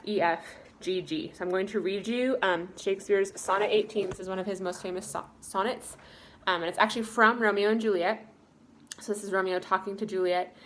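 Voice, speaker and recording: A woman's voice: mid-range voice, a little hiss or hum. American woman teaching a poetry lesson. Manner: upbeat, explains step by step, frequent ums. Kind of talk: recorded class lesson.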